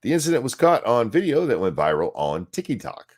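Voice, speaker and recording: A man's voice: medium pitch, big pitch swings, fairly quick. A man co-hosting a podcast, reading a news article aloud and breaking off for crude sarcastic remarks. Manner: reads aloud with sarcastic asides and profanity.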